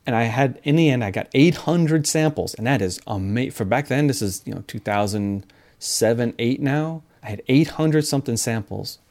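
A middle-aged man, a scientist and speaker, talking casually in an interview and telling lively stories. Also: mid-range voice. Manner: animated storyteller, acts out quotes, laughs often.

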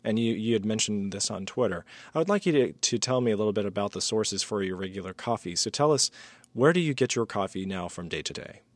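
Man, podcast host, deep voice, dry recording, long curious questions. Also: lively intonation, fast talker, no echo. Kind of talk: casual interview chat.

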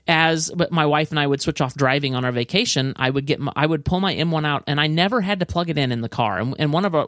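A man co-hosting a casual tech chat, excitable and enthusiastic, often restarting his sentences. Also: mid-range voice, dry recording, studio quality. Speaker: podcast co-host.

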